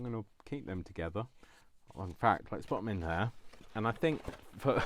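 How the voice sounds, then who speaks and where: Man, low voice, casual crafting chat, self-deprecating, talks to himself while working. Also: lively intonation, moderate pace, slight background noise. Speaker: crafting vlogger.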